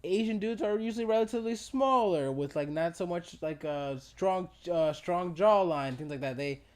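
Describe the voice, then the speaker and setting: A man chatting casually as a podcast co-host, slightly higher-pitched than most. He tells stories with lots of energy and breaks into laughter as he acts out the people he quotes. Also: normal speed. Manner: animated storyteller, laughs while acting out quotes. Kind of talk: casual chat.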